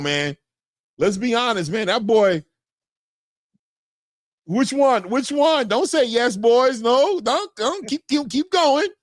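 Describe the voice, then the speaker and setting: A man hosting a boxing chat show, talking casually and excitably while replaying fight clips and hollering reactions. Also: very high-pitched, no room sound, clean studio sound.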